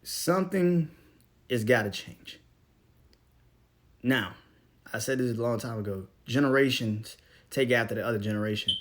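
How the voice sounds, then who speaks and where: A man's voice: mid-range voice, moderate pace, pauses often. Profane young man ranting on a podcast. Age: young adult. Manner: profane, blunt, laughs often, swings between loud and mumbled. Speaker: podcast host. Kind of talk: casual ranting monologue.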